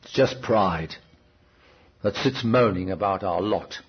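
A man's voice: low-pitched, takes it slowly, breathy edge. A man preaching a sermon in a conversational, storytelling way, often asking the listeners questions. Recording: dull, restored cassette recording.

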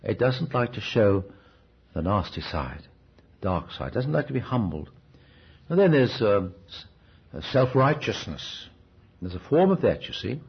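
Man giving a sermon, very raspy voice, muffled old cassette sound. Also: fairly low pitch, very animated, a little slow, pauses often. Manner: conversational storytelling, asks the listeners questions. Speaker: preacher. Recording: dull, restored cassette recording.

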